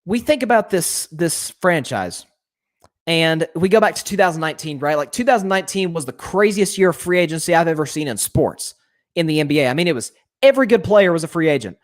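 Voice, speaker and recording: A man's voice: on the high side, lively intonation, a little fast. A young man hosting a sports commentary show, ranting with indignation and lots of restarts.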